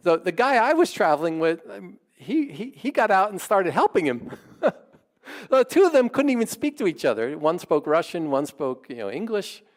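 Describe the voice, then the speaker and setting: A pastor telling a story in his sermon, in a conversational and animated way. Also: high voice, normal speed.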